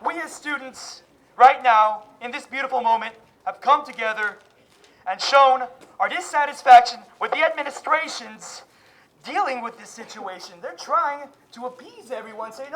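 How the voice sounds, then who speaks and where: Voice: sits high, moderate pace, a bit bright, low-quality recording. Student swearing through a furious rally rant. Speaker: student protest speaker.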